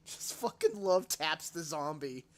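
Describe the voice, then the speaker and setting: A man reacting to game trailers on a live stream, swearing constantly and breaking into laughter. His voice is bright and swings widely in pitch, yet he talks at an unhurried pace. Faint noise hums underneath. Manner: profane, excitable, laughs a lot. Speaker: livestreamer.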